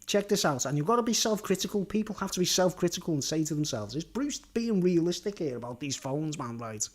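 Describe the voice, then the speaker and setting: A man's voice: a little high, lively intonation, fast talker. Rambling sweary man. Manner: rambling, keeps tagging "right?" and "you know what I mean?"; blunt and sweary, with frequent chuckles. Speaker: vlogger. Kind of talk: rambling monologue.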